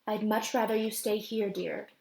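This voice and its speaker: A woman voicing a calm, commanding elder female elephant who speaks firmly and motherly in an audiobook. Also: medium pitch, normal speed, vocal fry, reverberant, very noisy, natural voice. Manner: firm, motherly, giving orders.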